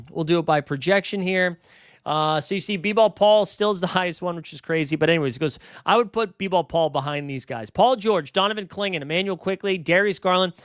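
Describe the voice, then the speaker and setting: A man's voice: high voice, a little fast, fairly bright tone, clean tone, dry recording, clean studio sound. A man hosting a fantasy basketball livestream, chatting casually and rattling off player names and numbers. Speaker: fantasy basketball show host.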